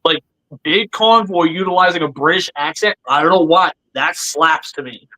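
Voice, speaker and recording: A man hosting a livestream podcast in casual chat, animated and joking, calling his guests by nicknames. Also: on the high side, normal speed, low-quality recording. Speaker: podcast host.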